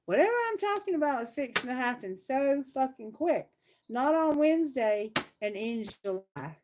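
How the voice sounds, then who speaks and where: A woman doing a live tarot reading, talking bluntly and emphatically, swearing freely and asking Spirit questions out loud. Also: high-pitched, animated, moderate pace, noisy background. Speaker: tarot reader.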